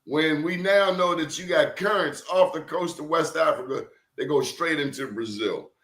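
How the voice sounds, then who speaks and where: A man's voice: fairly high pitch, normal speed, a bit bright. A man in casual conversation, telling stories emphatically with blunt slang. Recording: roomy echo.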